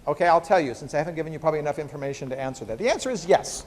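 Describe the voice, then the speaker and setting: A man's voice: on the high side, expressive, rapid-fire, darkish tone. A man who is a biochemistry professor, giving a joking university lecture full of rhetorical questions to the class. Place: lecture hall. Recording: reverberant lecture hall.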